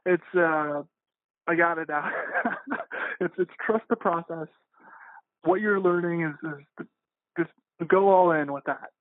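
A man with a high voice restates ideas in a casual chat, hesitant and quick to laugh at himself. The line is narrow and phone-like, with no room sound. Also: no room sound. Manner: hesitant, self-deprecating, laughs often. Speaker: podcast co-host.

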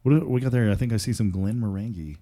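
A man's voice: fairly low pitch, fast talker, dark tone, a little hiss or hum. A man hosting a podcast in casual chat, joking and rambling with fillers. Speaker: podcast host.

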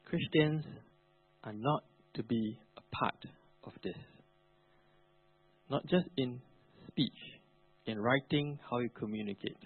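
A man's voice: medium pitch, slow pace, pauses often, breathy edge, no room sound, faint music behind. A male pastor preaching a sermon, emphatic with colloquial asides. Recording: narrow phone-like, dry.

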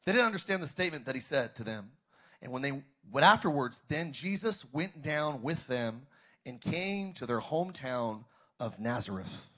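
A man preaching a sermon as pastor, calling out to the congregation and rising to shouts. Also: mid-range voice, animated, normal speed. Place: church service, streamed online.

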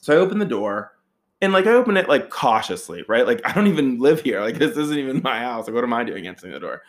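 Guy telling a crazy story to his buddies, swears a lot, voice jumps way up when he quotes people. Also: quick pace. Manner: animated, profane, acts out quotes with big pitch jumps. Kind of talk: casual storytelling among friends.

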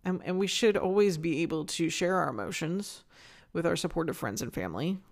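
A woman hosts a solo podcast, talking straight to her listeners. Her pitch swings widely as she goes, and she comes across as intense and passionate. She restarts her sentences often and swears freely. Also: expressive, a little fast, creaky. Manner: candid and casual, swears freely. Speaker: podcast host.

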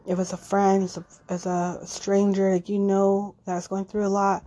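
A woman's voice: medium pitch, monotone, normal speed, dark tone. A woman in her thirties talking casually and emotionally on her podcast, swearing freely and using lots of fillers. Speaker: podcast host. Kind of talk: casual personal monologue.

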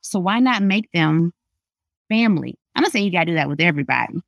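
A woman's voice: on the low side, expressive, brisk, gravelly, no echo. A woman in her thirties, a pediatrician, sharing earnest, emphatic testimony as a podcast guest. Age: 30s. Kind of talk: faith podcast interview.

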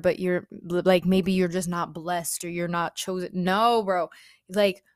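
A woman's voice: mid-range voice, clean tone, dry recording. Woman, informal spiritual talk, chatty, dead dry sound. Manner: chatty, informal, frequent "like" and "bro". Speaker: spiritual speaker. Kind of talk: casual spiritual talk retelling a parable.

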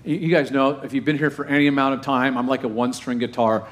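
A man preaching a sermon as pastor, full of rhetorical questions and emphatic repetition, slowing down to stress key phrases, with playful asides. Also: mid-range voice, fairly even intonation. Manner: playful asides and self-deprecating humor.

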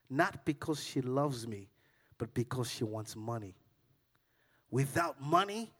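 A man preaching a sermon in church, telling a story in a lively way that climbs to loud, excited peaks. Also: medium pitch. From Africa.

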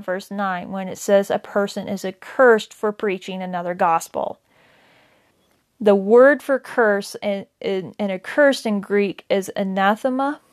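A woman teaching a daily Bible reading in a casual, conversational way, with many fillers and self-corrections. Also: mid-range voice. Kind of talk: casual Bible study talk.

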